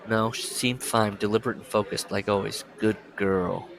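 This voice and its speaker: A man's voice: fairly low pitch, fairly even intonation, moderate pace, creaky, a bit bright. A man co-hosting a book podcast, recapping the plot and reading passages aloud in a loose, joking way. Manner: swearing, laughing, acting out lines from the book. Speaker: podcast co-host.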